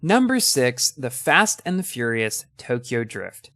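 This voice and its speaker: A man's voice: medium pitch, sing-song, a little slow, sharp tone, a little hiss or hum. A young man hosting a casual ranking of his favorite movies, talking with enthusiasm and a few ums and restarts.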